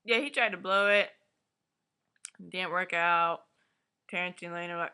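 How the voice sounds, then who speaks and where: A woman giving a casual, animated episode recap, swearing freely and acting out the characters' lines. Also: on the low side, moderate pace, pauses often, clear, resonant tone. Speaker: vlogger reviewing a TV episode. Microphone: webcam or laptop mic.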